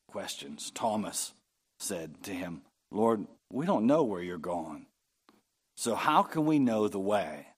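A man preaching a sermon, reading scripture aloud and rising in pitch and force on key phrases. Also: big pitch swings, husky. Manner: unhurried preaching, swelling louder and higher on key phrases. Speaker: pastor.

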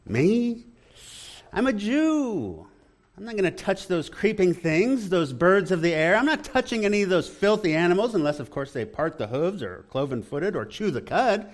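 A man's voice: high-pitched, sing-song, moderate pace, voice pushed up. A man putting on a proud, indignant apostle. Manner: protesting, emphatic, raised and insistent. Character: pious, proud, indignant male apostle refusing unclean food.

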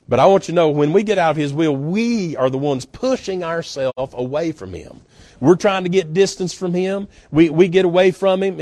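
A man's voice: fairly high pitch, no echo, studio quality. A male guest pastor preaching a sermon in a folksy, emphatic way, with frequent "uh" fillers. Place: church.

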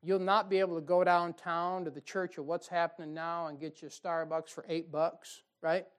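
A man preaching a folksy, emphatic sermon, with sudden loud bursts and mocking quotes. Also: fairly high pitch, level tone, moderate pace, smooth. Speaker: pastor. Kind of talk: fiery sermon.

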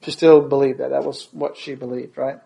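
A man's voice: mid-range voice, little pitch movement, a little fast, creaky, mellow. A man preaching in a sermon, retelling a story with frequent restarts and tag questions.

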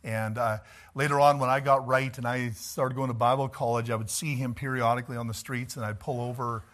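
A male pastor preaching a sermon, telling stories in an animated way and chuckling as he goes. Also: medium pitch, a little fast.

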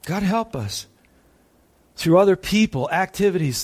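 A man preaching a sermon, moving between urgent raised passages and quiet, hushed ones. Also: fairly high pitch, expressive, measured pace. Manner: preaching with sharp swings from loud urgent peaks to hushed tones.

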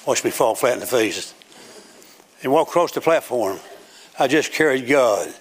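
Husky and animated, an older man's mid-range voice moves at a moderate pace as he preaches in a church sanctuary with a platform. The sermon builds emphatically into declaiming runs, reaching a loud preaching cadence.

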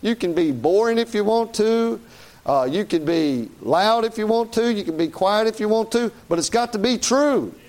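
Man, preacher, folksy sermon, conversational, high-pitched voice. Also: expressive, normal speed, a little mellow.

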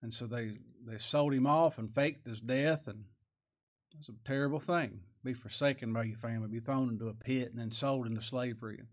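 A man's voice: medium pitch, brisk. A man preaching a sermon as pastor, with emphatic bursts and chuckles.

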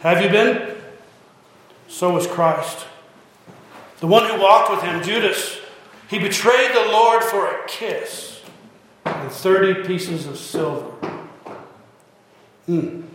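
A man's voice: high voice, slow, long pauses, fairly bright tone, slight background noise. A man preaching a sermon, pressing listeners with repeated rhetorical questions. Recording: heavy echo, long hall reverb.

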